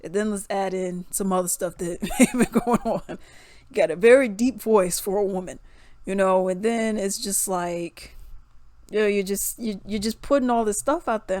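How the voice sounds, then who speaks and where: A woman's voice: mid-range voice, a little mellow, no echo. A young woman, giving casual music commentary, laughing often and mocking songs in singsong voices.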